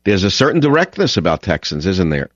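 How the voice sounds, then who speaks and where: A middle-aged man with a New York accent hosts a call-in radio show, speaking directly and with strong opinions, often repeating words as he starts. His voice is low with big pitch swings and a brisk pace. The sound is lo-fi, with no echo.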